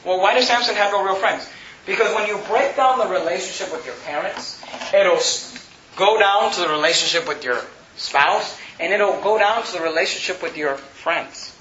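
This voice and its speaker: A man's voice: high voice, pushed and bright, roomy sound. Guy pastor preaching, punchy and emphatic, a bit muffled, faint room hum behind. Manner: preaching with rising, emphatic bursts. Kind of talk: sermon.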